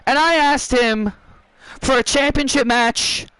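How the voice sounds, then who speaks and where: A man's voice: extremely high pitch, takes it slowly, pushed and bright, clear, resonant tone, no echo, full character voice, poor audio. A man voicing a cocky female wrestler who shows up demanding a title shot, in a mocking, boastful way. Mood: storytelling. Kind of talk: voicing wrestlers over a video game.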